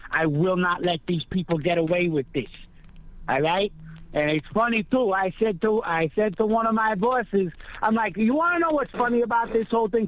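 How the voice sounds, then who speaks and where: A man's voice: high voice, poor audio. A man on a talk show telling a profane, boastful story about a fight at work in a brash, casual way.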